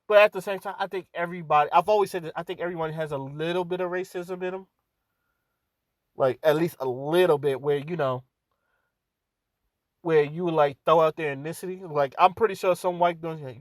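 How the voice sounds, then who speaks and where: A young man with a fairly high voice rambles through a casual opinion monologue, swearing freely and circling back on his points. The sound is dry and close, with no room around it. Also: fairly quick, dry recording. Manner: profane, rambling, animated. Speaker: vlogger.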